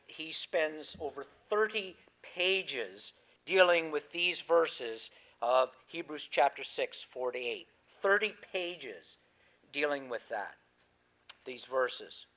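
Conversational preacher, a man, fairly high. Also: fairly bright tone, low-quality recording. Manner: conversational, rising to emphatic when reading. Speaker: pastor. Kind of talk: sermon with scripture reading.

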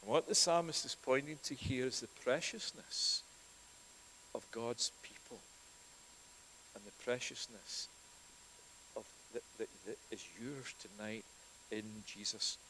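A man's voice: medium pitch, pushed and bright, rough recording. Earnest male preacher, faint hiss. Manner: earnest, storytelling with dramatic shifts in volume. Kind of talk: sermon.

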